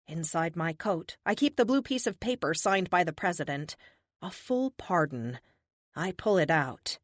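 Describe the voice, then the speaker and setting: A woman narrating a first-person audiobook in an expressive, animated way. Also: lowish voice, unhurried, no echo, studio quality.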